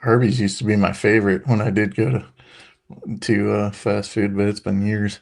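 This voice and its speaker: A man's voice: on the low side, little pitch movement, moderate pace, creaky. A man on a casual live-stream panel who drops short, dry quips. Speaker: panel guest. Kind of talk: casual chat.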